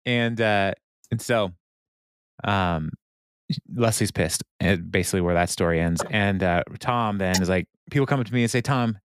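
A man's voice: low voice, moderate pace, smooth, no room sound. A man co-hosting a podcast, recapping a TV episode in loose, rambling casual chat full of fillers and laughs.

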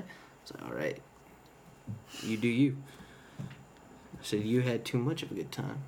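A young man in casual chat, telling stories with lots of swearing and animated laughter. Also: mid-range voice, moderate pace, gravelly, long pauses, slight background noise. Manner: swears a lot, animated storytelling.

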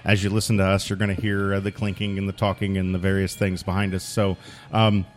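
A man hosting a casual on-location interview in a bar, relaxed and full of hesitant fillers. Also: sits low, fairly quick, a little hiss or hum. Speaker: host. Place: busy bar. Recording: bar with faint background music.

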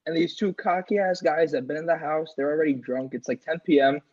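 A man's voice: a little high, steady tone, fairly quick, darkish tone. A young man telling a crude party story on a podcast, acting out his friends' lines in a casual, profane way. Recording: slightly dull lo-fi sound.

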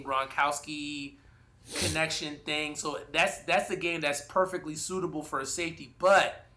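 A man talking casually in a sports debate podcast, animated and profane, hedging with fillers as he argues his picks. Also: on the high side. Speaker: podcast co-host.

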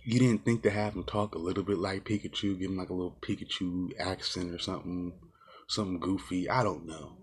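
Guy ranting in a casual movie review, kinda low and husky, lots of ums and cussing. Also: fairly even intonation, brisk. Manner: ranting, exasperated, swears often; rambling with many fillers and restarts.

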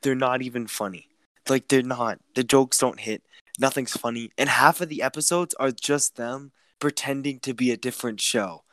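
A young man hosting a podcast, chatting casually and getting excitable, swearing often and shouting when worked up. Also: medium pitch, moderate pace, no room sound. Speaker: podcast host. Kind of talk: casual chat.

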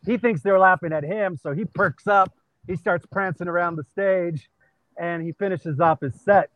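Male comic guest from California, higher voice, spins backstage stories with filler words, dry lo-fi remote sound. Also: normal speed, no room sound. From California, USA. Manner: animated anecdotes with many fillers. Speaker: stand-up comedian guest. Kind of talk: casual storytelling. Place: busy comedy venue with people walking around.

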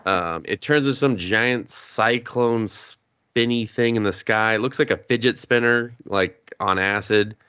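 A man's voice: on the low side, measured pace, pushed and bright, clear, resonant tone. A man co-hosting a podcast, chatting casually with crude, rambling jokes. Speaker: podcast co-host. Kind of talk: casual chat.

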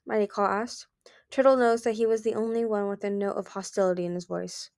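Brief: woman reader, soft storybook narration, dry close mic. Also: mid-range voice, fairly even intonation, fast, creaky, no room sound. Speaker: audiobook reader.

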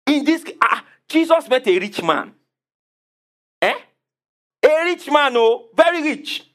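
Male preacher, high and very animated, emphatic, fires rhetorical questions at the congregation. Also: slow pace. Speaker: pastor. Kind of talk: sermon.

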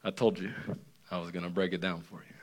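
A male pastor giving an animated, conversational sermon that keeps checking in with the listeners. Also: low voice, fast. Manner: animated, conversational preaching with frequent "right?".

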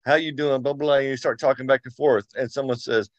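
A man's voice: mid-range voice, steady tone, fast talker, no room sound. Emphatic man in a group chat. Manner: emphatic, repeats himself, says y'all. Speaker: study group member. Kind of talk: casual group discussion. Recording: dry, dull sound.

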